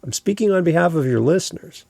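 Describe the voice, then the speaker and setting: A man's voice: a little high, expressive, quick pace, vocal fry, a little mellow, no echo. A Canadian man hosting a podcast, speaking in a conversational, opinionated way. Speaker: podcast host. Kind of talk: casual podcast talk.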